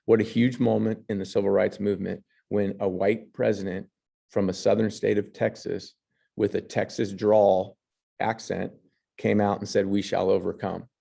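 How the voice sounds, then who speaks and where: A man's voice: fairly low pitch, flat delivery, moderate pace, creaky, warm tone, husky. A man teaching history, reading passages and then commenting on pictures, with fillers and restarts. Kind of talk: lecture over slides.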